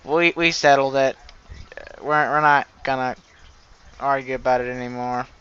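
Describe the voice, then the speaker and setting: A man's voice: medium pitch, steady tone, moderate pace, bright, forceful tone, smooth, muffled recording. A man hosting a casual flight sim gameplay commentary, rambling and restarting his sentences as he talks. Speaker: host. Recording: engine noise under the voice. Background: aircraft engine noise from the game.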